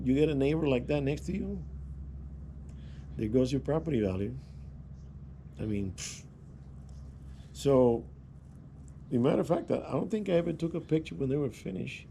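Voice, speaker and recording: A man's voice: medium pitch, creaky, dark tone, slight background noise. A man vlogging, telling rambling anecdotes in a casual way, with restarts and chuckles. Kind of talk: casual storytelling.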